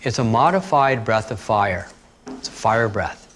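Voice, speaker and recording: A man teaching breathing techniques, talking calmly and steadily through guided instructions. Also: fairly low pitch, measured pace, a little hiss or hum. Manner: calm, steady instructional talk with asides.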